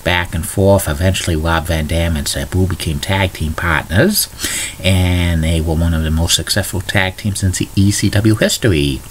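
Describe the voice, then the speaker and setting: A man with a deep, low-pitched voice hosts a casual morning video blog. He runs through news items and trivia in a plain, chatty read and stumbles into small restarts now and then. A faint hum of noise sits under his voice. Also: steady tone, normal speed. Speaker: video blogger.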